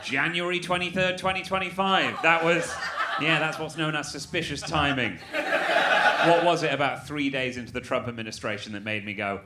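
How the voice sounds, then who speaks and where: A man's voice: on the high side, a little fast. A man doing a stand-up comedy set, teasing the crowd in a wry way. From England. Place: comedy club stage. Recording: loud audience noise in club.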